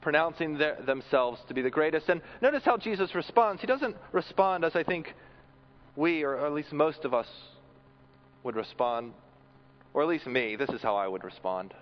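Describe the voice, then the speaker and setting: A man's voice: a little high, animated, moderate pace, muffled recording. A man preaching a sermon in an earnest way, often repeating words as he builds a point.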